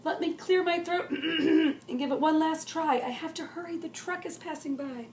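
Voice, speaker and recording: A woman voicing a loud, proud little girl, shouting and dramatic in a storybook reading. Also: high-pitched, normal speed, a little hiss or hum, voice pushed up. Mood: dismayed. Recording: roomy echo.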